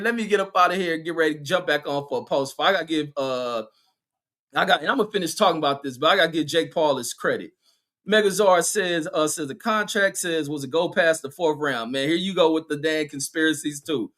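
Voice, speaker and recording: A man sits with his live chat, reading comments aloud and firing back loud, profane jokes. His voice sits high, and he breaks into laughter often. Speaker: livestream host.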